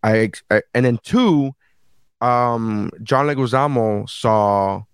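A man's voice: medium pitch, lively intonation, takes it slowly, smooth, no echo, clean studio sound. Profane, rambling podcast co-host man. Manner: loose, profane storytelling with frequent fillers. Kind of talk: casual podcast chat.

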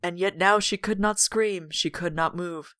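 A woman's voice: lowish voice, steady tone, unhurried, a bit bright, clear, resonant tone. A woman co-hosting a podcast, reading a gothic novel aloud with dramatic weight and breaking in with wry jokes. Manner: dramatic read-aloud broken by wry asides.

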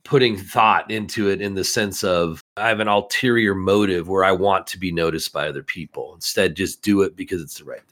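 Man, lowish voice, earnest, reads Bible verses, explains them. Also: brisk, few pauses, fairly bright tone. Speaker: host of a Bible discussion. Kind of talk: scripture discussion, reading verses aloud.

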